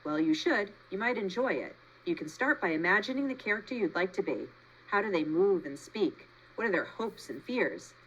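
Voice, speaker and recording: A woman's voice: normal speed, highs cut off, a little hiss or hum. A woman voicing a chatty, dramatic female possum who loves to perform, in a storybook read-aloud. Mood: theatrical. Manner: gushing, showy, high and lively.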